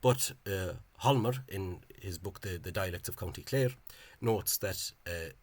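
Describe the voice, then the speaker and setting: A man's voice: deep voice, unhurried, breathy edge. A man giving an informal, digressive explanation in a video, thinking aloud in a scholarly way. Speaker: Irish-language spelling enthusiast.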